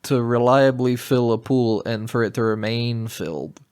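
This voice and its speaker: A man's voice: mid-range voice, fairly even intonation, normal speed, darkish tone, smooth. A man co-hosting a podcast, chatting casually about films in a wry, joking and opinionated way. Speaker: podcast co-host. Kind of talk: casual film review chat.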